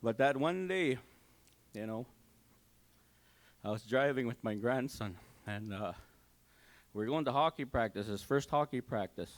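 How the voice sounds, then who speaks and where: An older man gives his personal testimony at a church service, telling it in a halting, heartfelt way with many fillers and restarts. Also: mid-range voice, expressive. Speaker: church member giving testimony. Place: community hall church service.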